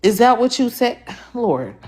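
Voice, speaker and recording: A woman's voice: fairly high pitch, sing-song, unhurried, darkish tone, breathy edge. A woman in a live online debate, correcting another speaker with emphatic, exasperated pushback. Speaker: debate participant.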